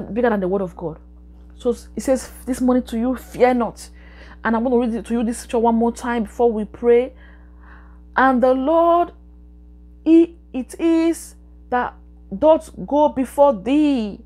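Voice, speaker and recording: A woman's voice: a little high, mellow. A woman preaching a sermon and leading a prayer, repeating her phrases with emphatic, exhorting delivery.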